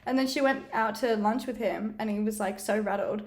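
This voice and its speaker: This young woman's mid-range voice moves a little fast as she chats as a guest. Her storytelling is animated, packed with laughter and plenty of "like," in a casual conversation.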